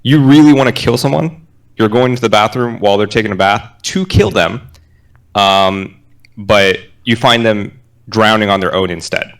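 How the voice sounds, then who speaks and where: A man hosting a casual podcast among friends, soft-spoken and laid-back, swearing freely. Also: lowish voice, moderate pace. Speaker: podcast host.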